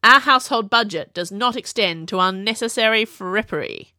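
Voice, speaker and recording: A woman's voice: mid-range voice, moderate pace, pushed and bright, dry recording, voice pushed up, natural voice. A woman voicing a stern, short-tempered middle-aged king who talks brusquely, recorded on a close mic. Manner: demanding, brusque.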